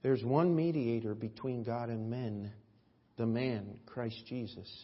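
A man's voice: slow pace, slightly rough. Preaching man in an echoey hall. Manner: preaching with emphatic swings in pitch and loudness, folksy anecdotes. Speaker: pastor. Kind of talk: sermon. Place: church sanctuary. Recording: echoey church hall, dull lo-fi audio.

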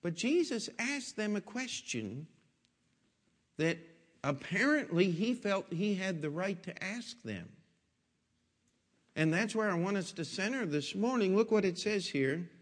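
Guy preaching, folksy stories and questions, slightly high voice, echoey church. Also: animated, a little slow. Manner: folksy storytelling with rhetorical questions. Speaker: pastor. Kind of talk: sermon. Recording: long echoing hall reverb.

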